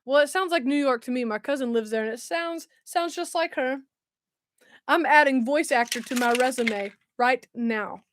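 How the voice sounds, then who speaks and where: Giggly high-voiced woman streamer. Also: moderate pace, a bit bright, no room sound. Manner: giggly, self-mocking, frequent laughter. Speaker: streamer host. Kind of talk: casual live-stream chat.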